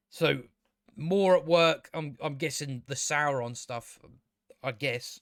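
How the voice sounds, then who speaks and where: A man's voice: a little high, measured pace, fairly bright tone, dry recording, clean studio sound. A man giving a casual, ranting review of a show, blunt, sarcastic and profane, often restarting his sentences.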